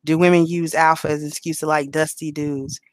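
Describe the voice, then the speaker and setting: A woman's voice: low voice, level tone, fairly quick. A woman hosting a live stream, talking bluntly and profanely in a preachy, casual way. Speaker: livestream host.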